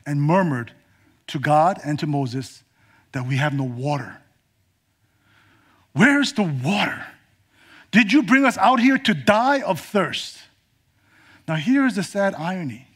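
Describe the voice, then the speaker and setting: A male preacher with a high voice delivers a sermon dramatically. He swings between emphatic declarations and near-whispers.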